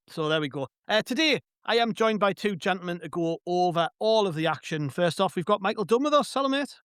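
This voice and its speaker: A man's voice: high voice, animated, fairly quick, fairly bright tone, smooth, no room sound, clean studio sound. A man hosting a casual football podcast, chatty and joking, rambling with fillers. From North East England. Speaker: podcast host.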